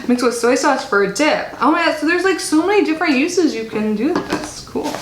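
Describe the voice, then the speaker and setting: A chatty woman with a high, bright voice reads snack labels aloud and chats between bites in a casual unboxing vlog. Her voice bounces around an echoey room with faint background noise. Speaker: subscription box reviewer. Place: home in Florida.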